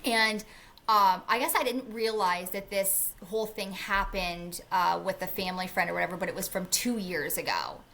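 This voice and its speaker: A woman's voice: medium pitch, moderate pace, bright, forceful tone. A woman in her thirties co-hosting a podcast, telling a story in a casual chat, acting out the people in it and swearing freely. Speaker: podcast co-host.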